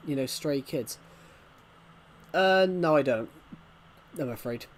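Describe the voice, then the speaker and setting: A man's voice: fairly high pitch, lively intonation, takes it slowly. Chatty man livestreaming a game. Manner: rambling, restarts, reacts to chat. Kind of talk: casual livestream chat.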